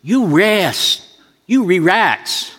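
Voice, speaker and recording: A man's voice: high-pitched, expressive, extremely slow, in a large hall, background noise, pitched above the performer's own voice, full character voice. A man putting on a curt little masseur. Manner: clipped, terse commands. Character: brusque small male masseur, curt broken English.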